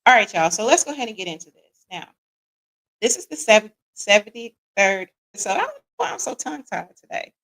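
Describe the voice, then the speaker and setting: A sing-song, fairly quick, medium-pitched woman's voice with a touch of brightness comes through poor audio. The American host of a live-streamed relationship show greets viewers by name, keeps adding "right?", and uses relaxed Southern-tinged slang including "y'all."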